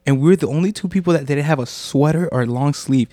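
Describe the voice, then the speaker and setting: A man's voice: on the high side, quick pace, mellow, no room sound. A young man co-hosting a podcast, telling rambling party stories with lots of swearing and laughter. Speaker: podcast co-host. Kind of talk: casual chat.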